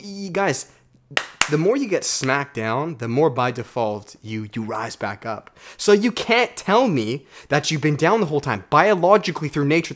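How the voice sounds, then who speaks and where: A self-development YouTuber, a man, gives a blunt, profane, emphatic motivational monologue to camera, calling viewers "guys." He swings between low asides and loud outbursts.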